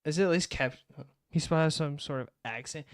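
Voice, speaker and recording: A man's voice: a little high, brisk, smooth, no room sound, clean studio sound. A man chatting casually, reacting in short, amused remarks. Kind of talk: casual chat.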